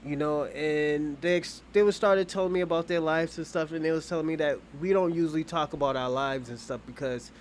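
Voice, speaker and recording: A man's voice: fairly high pitch, a little fast, few pauses, slight background noise. A man hosting his own channel, telling a casual, rambling story in loose, profane slang. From Boston, US. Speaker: channel host.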